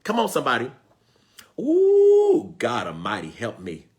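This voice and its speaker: A man preaching with fervor, his husky voice swinging widely in pitch and carrying a bright, forceful edge. He calls out to his listeners, repeats phrases for emphasis and pleads to God between points. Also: very animated, moderate pace. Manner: preacherly call-and-response, exclaiming and pleading to God. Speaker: spiritual teacher. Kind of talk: fervent sermon-style teaching.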